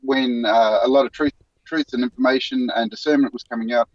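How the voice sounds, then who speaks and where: Man, new zealand accent, earnest, halting restarts, muffled dry stream audio. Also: mid-range voice, steady tone, dry recording. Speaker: guest, news show co-host. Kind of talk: casual interview talk. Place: in a van.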